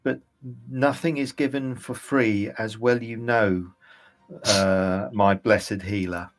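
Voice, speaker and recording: A man voicing a demanding, regal female goddess who bargains for favours, speaking in a measured, imperious way. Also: lowish voice, steady tone.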